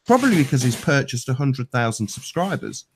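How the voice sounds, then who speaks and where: A man's voice: mid-range voice, very animated, fairly quick, a little hiss or hum. A man hosting a casual chat, mocking and sarcastic, often laughing and acting out quotes he reads. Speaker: host of a chat stream.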